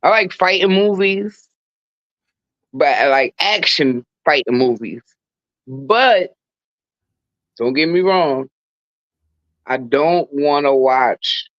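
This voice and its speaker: A podcast guest chatting casually about movies, in a relaxed, playful, drawn-out way. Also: medium pitch, dry recording. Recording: dull, dry recording.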